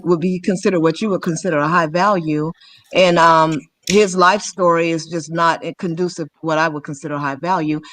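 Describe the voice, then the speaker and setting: A woman on a livestream panel laying out her opinions in a measured, steady way. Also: fairly low pitch, dry recording. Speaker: panel guest. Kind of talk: casual livestream panel chat.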